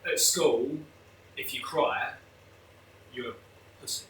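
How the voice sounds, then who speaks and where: A man's voice: medium pitch, takes it slowly, fairly bright tone, slight background noise. A man talking openly and emotionally as a guest, with many restarts. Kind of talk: candid conversational interview. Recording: echoey room, mic at a distance.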